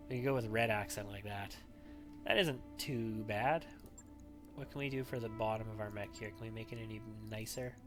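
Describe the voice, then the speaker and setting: A man's voice: on the low side, moderate pace. Male let's-play host, casual commentary into a desk mic, thinks aloud and wavers, faint background music. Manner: thinks aloud, musing and wavering over choices. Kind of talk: gameplay commentary.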